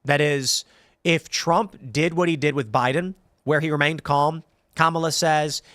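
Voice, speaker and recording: A man's voice: a little high, a little slow, no echo, clean studio sound. A man hosting a podcast, reading viewer comments aloud in casual chat and acting out quotes as he tells stories. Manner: animated storytelling with acted-out quotes. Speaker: podcast host.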